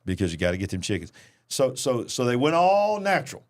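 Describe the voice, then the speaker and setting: This man, a preacher who hosts a news commentary show, has a medium-pitched voice and a fairly quick delivery. He reads headlines aloud and then comments on them with animated emphasis.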